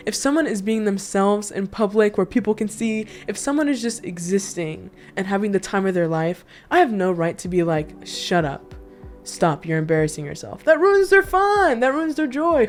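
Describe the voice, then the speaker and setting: A young woman vlogger in casual chat indoors, telling stories candidly and animatedly with lots of asides. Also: mid-range voice. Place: indoor room.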